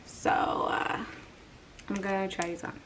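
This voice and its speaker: Young gal, slow chatty haul talk, kinda out of breath, mic far off with noise behind. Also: female voice, mid-range voice, flat delivery. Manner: chatty, filler-heavy, drifts into whispers. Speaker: vlogger. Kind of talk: casual try-on haul chat. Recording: distant mic with clear background noise.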